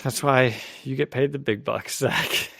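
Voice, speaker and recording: A man hosting a casual comic book podcast, animated and quick to laugh. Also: mid-range voice, vocal fry, no room sound, clean studio sound. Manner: animated, laughs often, acts out quotes. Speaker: podcast host.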